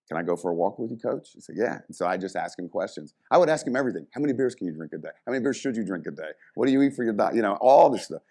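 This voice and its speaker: A middle-aged man, a former strength coach, telling stories in a casual interview and acting out the people in them. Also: fairly low pitch. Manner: animated storyteller, acts out quoted voices.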